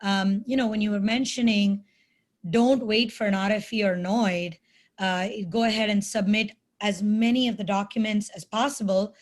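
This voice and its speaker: A woman's voice: medium pitch, steady tone, moderate pace. A woman hosting an immigration webinar, talking conversationally and checking in with "right?" and "you know". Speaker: webinar host. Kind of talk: hosted webinar discussion. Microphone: video call.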